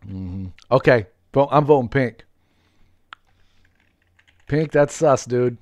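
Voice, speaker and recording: A man streaming a game live, chatting with viewers, greeting them by name, laughing often and getting excited. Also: medium pitch, slow, no echo. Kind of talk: live gameplay commentary with viewers.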